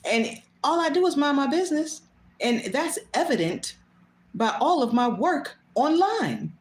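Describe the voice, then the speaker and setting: A woman's voice: high-pitched, very animated, a little slow. A woman hosting her own show, talking bluntly and casually, swearing freely and laughing often. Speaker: host. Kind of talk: casual monologue. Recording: echoey room.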